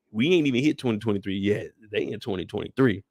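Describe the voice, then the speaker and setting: A man hosting a casual live show recap, telling it in a profane, animated way. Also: on the low side, brisk, gravelly, dry recording, clean studio sound.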